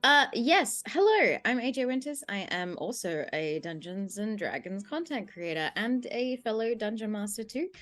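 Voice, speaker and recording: A woman's voice: mid-range voice, sing-song, normal speed, hardly any pauses, fairly bright tone. An Australian woman chats on a live tabletop game stream in a medium voice. She sounds upbeat and laughs easily, with faint music playing behind. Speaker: player and fellow game master. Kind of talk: casual stream chat.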